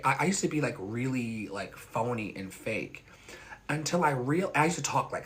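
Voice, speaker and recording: A man hosting a casual livestream as an online pastor, candid and animated, swearing freely and laughing often. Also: medium pitch, normal speed. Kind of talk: casual livestream chat with viewers.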